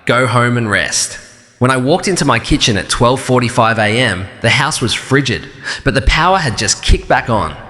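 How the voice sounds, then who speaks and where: Calm, measured man narrating a story. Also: medium pitch, big-room sound. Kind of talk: scripted first-person story narration.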